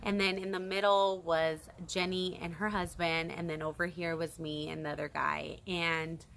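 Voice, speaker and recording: A young woman chatting to her camera in a casual storytime, her voice bright and forward. She tells it animatedly and breaks into excited squeals. A faint hiss sits under the recording. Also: fairly low pitch, moderate pace, vocal fry. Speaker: vlogger.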